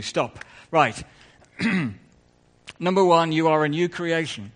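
A man's voice: a little high, animated, extremely slow, long pauses. A man preaching a conversational sermon in church, full of asides and self-corrections.

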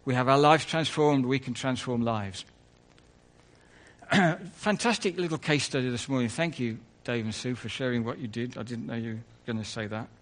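A man's voice: mid-range voice, moderate pace. A man preaching a conversational sermon in church, full of asides and self-corrections.

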